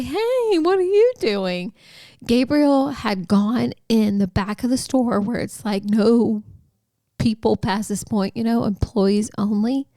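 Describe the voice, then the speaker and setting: A woman with a slightly high voice tells a personal faith story as a podcast host. She speaks unhurriedly and heartfelt, in a chatty way with many likes and you-knows. The sound is dry and close, with little room echo. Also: darkish tone.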